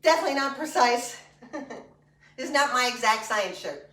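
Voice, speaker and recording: High, bright woman leading an exercise class. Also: expressive, normal speed. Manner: chatty and joking between cues. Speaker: fitness instructor. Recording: echoey room, mic far off.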